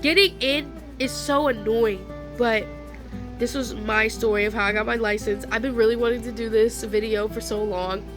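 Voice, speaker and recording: A woman's voice: fairly high pitch, steady tone, normal speed, music in the background. A young woman telling a casual storytime vlog, chatty and slangy, laughing often. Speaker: vlogger. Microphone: phone.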